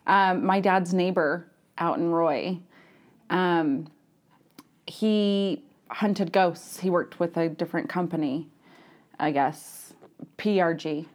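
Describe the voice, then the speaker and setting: A woman, a guest on a casual podcast chat, candid and quick to laugh and swear. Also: on the low side. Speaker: podcast guest, ghost hunter.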